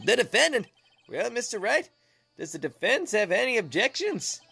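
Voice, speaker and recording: A doddering old judge presides over a courtroom game with a thin, creaky, quavering voice, jumping high in pitch. A woman puts him on for fun. He sounds frail and fussily formal. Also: sing-song, moderate pace, fairly bright tone, faint music behind, heavily acted.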